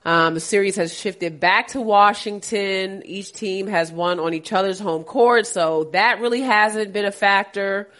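A woman's voice: mid-range voice, a little slow, few pauses, fairly bright tone. A woman hosts a laid-back sports podcast in a chatty, playful way. A cold has left her voice stuffy and nasal. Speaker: podcast host. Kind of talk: casual sports podcast chat.

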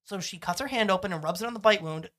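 Fast-talking and a bit bright, this high-pitched podcast co-host recaps a TV episode in casual conversation. He rambles and swears, acting out quotes from the show with voices that shift.

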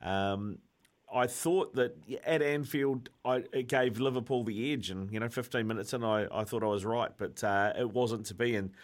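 Brief: male radio host, mid-pitched, easygoing and jokey, stumbling through questions with fillers. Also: moderate pace. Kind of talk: casual radio sports chat.

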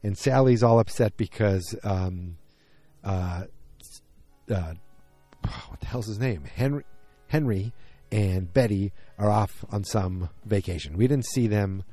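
Slow and dark in tone, a lowish male voice rambles through a recap of a TV episode, stopping to correct himself and performing the characters' quotes. He is outdoors, though the recording sounds dry, with soft music in the background.

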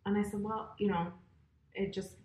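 A woman's voice: mid-range voice, little pitch movement, moderate pace, a little mellow. Chatty woman telling stories, echoey room. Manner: storytelling, chatty with laughs. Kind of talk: casual chat.

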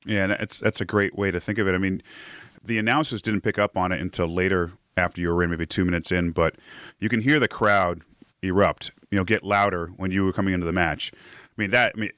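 A man's voice: sits low, fairly even intonation, a little fast, a bit bright, dry recording, studio quality. A man hosting a live rugby show, chatting casually and laughing often. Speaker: podcast host.

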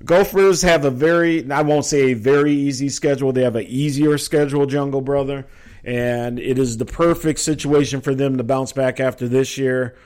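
A man's voice: mid-range voice, fairly even intonation, moderate pace, darkish tone. Middle-aged minnesota guy hosting a sports talk show, rambling, lots of uhs and ums. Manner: chatty, rambling, with frequent fillers.

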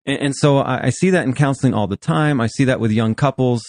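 Man in his fifties, pastor and therapist, earnest and animated, mid-range voice, dry close sound. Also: mid-range voice, quick pace, dry recording. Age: 50s. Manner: earnest, animated, laughs while talking. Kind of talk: podcast conversation.

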